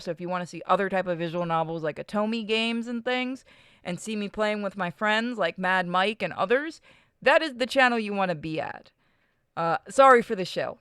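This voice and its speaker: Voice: medium pitch, a bit bright, smooth, no echo, clean studio sound. A gaming channel host with a New York accent, casually chatting and reading a visual novel aloud, swearing freely.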